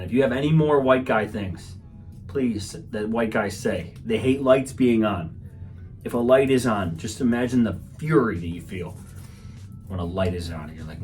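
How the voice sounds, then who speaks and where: Low-voiced man joking through a podcast rant. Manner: swears a lot, acts out quotes in raised mocking voices. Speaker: comedian podcast host. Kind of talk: rambling comedic monologue.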